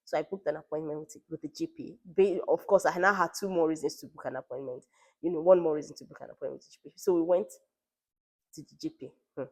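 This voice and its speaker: Woman, 30s, low pitch; chatty personal vlog storyteller. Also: a little mellow. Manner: conversational, retells dialogue, many fillers. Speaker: parent vlogger.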